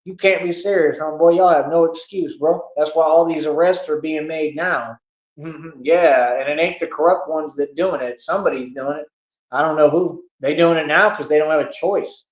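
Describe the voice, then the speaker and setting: A man's voice: on the high side, fairly even intonation, normal speed. A man on a livestream with a boastful, taunting, slangy manner, ranting at his critics. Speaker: streamer. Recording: echoey room, dull lo-fi stream audio.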